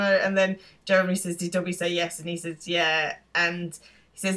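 Female co-host, lowish pitch, relaxed and chatty, quick to laugh. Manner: chatty, laughing, lots of ums and yeahs. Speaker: podcast co-host. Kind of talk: casual chat recapping a TV episode.

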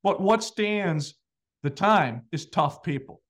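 A man's voice: sits high, lively intonation, slow pace, a bit bright. A man hosting a podcast, talking earnestly and reflectively with his guest and often agreeing. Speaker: podcast host, financial advisor. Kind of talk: podcast interview chat.

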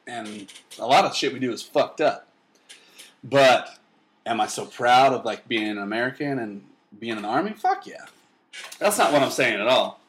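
Bright-voiced profane podcast guy. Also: medium pitch, lively intonation, normal speed. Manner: profane, jokey, loud outbursts. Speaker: podcast co-host. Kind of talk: casual podcast chat.

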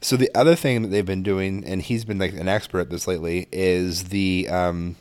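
A man's voice: low-pitched, steady tone, normal speed, darkish tone, no room sound. A man co-hosting a podcast, telling rambling, profane stories about his kids. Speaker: podcast co-host, father. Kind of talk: casual chat.

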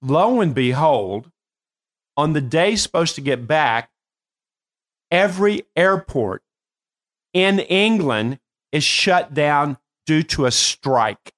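An older man with a somewhat high voice tells stories at an easy, chatty pace. He is animated and laughs often as he talks. His tone is that of a coach hosting his own show. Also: slow, pauses often. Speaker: host and performance coach. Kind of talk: casual storytelling.

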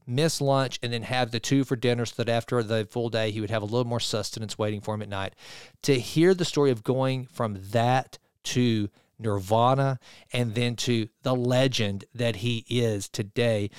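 Smooth-voiced male talk show host. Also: mid-range voice, no room sound, studio quality. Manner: animated, conversational, retells a story with quoted voices. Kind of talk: casual storytelling monologue.

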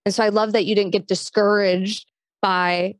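Woman podcast host, affirming and enthusiastic, mid pitch, dry close sound. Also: flat delivery, normal speed, no echo. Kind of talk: conversational interview.

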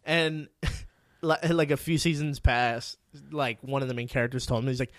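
A man hosting a podcast, telling a story in casual chat, cursing often and acting out quotes with loud yelps. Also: medium pitch, moderate pace, no room sound. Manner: profane, excitable storytelling recap. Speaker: podcast host.

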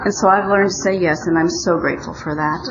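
A woman's voice: lowish voice, steady tone, fast, very noisy. An older woman from Omaha, Nebraska, giving a personal recovery talk in an earnest, storytelling way with wry humor. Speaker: speaker at a recovery meeting. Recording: muffled roomy recording.

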